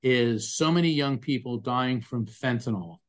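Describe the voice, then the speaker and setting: A man's voice: medium pitch, measured pace. Earnest man telling a story. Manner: earnest, emphatic, describes sensations vividly. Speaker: psychic medium, former attorney. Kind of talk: conversational interview storytelling.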